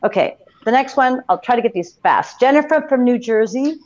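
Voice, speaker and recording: Brief: woman, slightly high, wry humor, dull lo-fi call audio. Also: animated, normal speed, a little mellow. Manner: wry, self-deprecating. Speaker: guest actress. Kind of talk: casual chat over video call. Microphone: video call.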